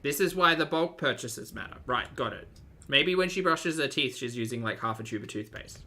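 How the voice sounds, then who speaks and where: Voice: mid-range voice, lively intonation, moderate pace, pushed and bright. A commentary host, giving dry, mocking reaction commentary on food videos.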